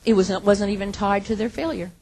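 A woman preaching a sermon, earnest, moving from hushed, quiet lines to emphatic ones. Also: medium pitch, fairly even intonation, quick pace.

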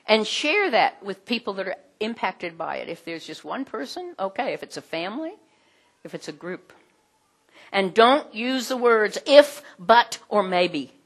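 A middle-aged woman teaching a group in a conversational way, animated, with many fillers. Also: medium pitch. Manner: animated, acts out quoted voices, frequent fillers.

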